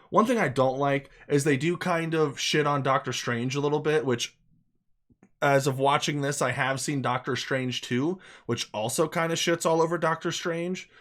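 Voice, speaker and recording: Speaking in a voice on the high side, a man riffs on a film in a loose, unscripted review. He gets excited and emphatic, swears without restraint, and repeats lines for emphasis.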